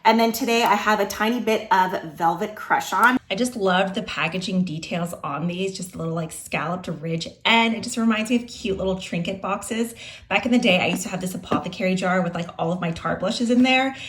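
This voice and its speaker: A woman beauty vlogger chatting casually through a makeup tutorial, full of "like" fillers, a little hoarse as she says she is losing her voice. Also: mid-range voice, a little fast, slight background noise.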